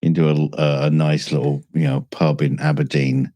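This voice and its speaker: A man from Scotland with a Scottish accent worn down by years in England, co-hosting a casual chat and telling stories in halting, restarting bursts. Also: rumbling low, level tone, dark tone, no echo. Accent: Scottish, softened by years in England. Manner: halting, many restarts, chuckling. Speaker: co-host.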